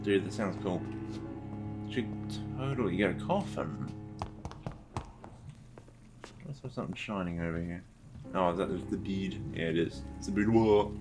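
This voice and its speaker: A man's voice: low-pitched, unhurried, pauses often, over music. A man doing casual gameplay commentary, joking and irreverent, swearing and mocking the in-game text. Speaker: let's play host.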